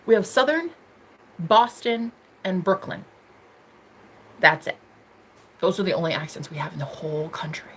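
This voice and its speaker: Bubbly, teasing American woman with lively pitch. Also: moderate pace, pauses often, slight background noise. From United States. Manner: bubbly, giggly, teasing, swings between loud squeals and murmurs. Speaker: livestream host. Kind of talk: casual livestream chat reading comments.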